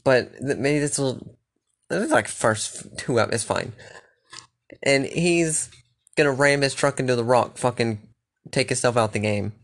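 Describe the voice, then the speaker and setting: A man's voice: medium pitch, a little slow, long pauses. A young man chatting casually and rambling, swearing freely and restarting his sentences often. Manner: loose, profane, rambling with restarts.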